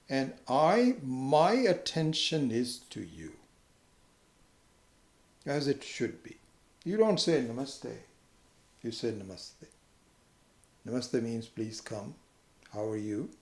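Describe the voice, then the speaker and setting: A man giving a conversational lecture on scripture, who now and then jumps into a much higher voice when acting out what other people say. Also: very animated, takes it slowly, pauses often, darkish tone, echoey room. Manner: conversational, acts out quoted people with sudden high pitch. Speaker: spiritual teacher.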